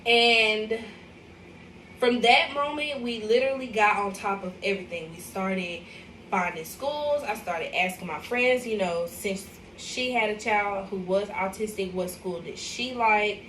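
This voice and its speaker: Chatty young mom in echoey room. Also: female voice, mid-range voice, unhurried, a bit bright, slight background noise. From Arkansas, USA. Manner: chatty, emotional, addresses viewers as y'all. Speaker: vlogger, mother. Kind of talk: casual livestream chat. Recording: echoey room, mic at a distance.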